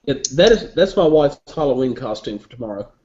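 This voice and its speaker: Man, casual panel chat, blunt joking remarks, mellow dark tone, muffled audio. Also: mid-range voice, very animated, a little fast. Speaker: panel member.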